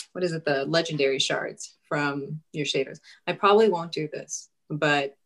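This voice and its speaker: A woman co-hosting a casual gaming podcast, playful and outspoken. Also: sits low. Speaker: podcast co-host. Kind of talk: casual chat.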